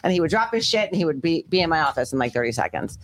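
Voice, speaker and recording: Woman, podcast co-host, low voice, animated pitch, swears while telling stories. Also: rapid-fire. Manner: lively, swearing storyteller. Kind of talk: casual storytelling chat.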